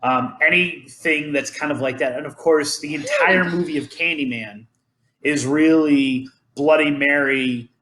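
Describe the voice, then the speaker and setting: A man's voice: a little high, unhurried, pushed and bright. Rambling man host in a roomy space. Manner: rambling, many ums and restarts. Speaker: podcast host. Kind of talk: casual podcast chat. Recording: roomy echo.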